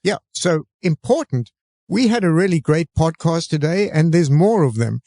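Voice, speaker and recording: A man with a real Southern US accent, co-hosting a real estate podcast in a relaxed, easygoing chat with dry jokes. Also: fairly high pitch, moderate pace, no room sound. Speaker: podcast co-host. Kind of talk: casual chat.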